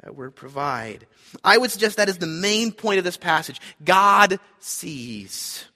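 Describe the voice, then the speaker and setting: A man's voice: high-pitched, expressive, a little slow, pushed and bright, in a large hall. A man preaching a sermon, earnest and emphatic, repeating his key points. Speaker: pastor.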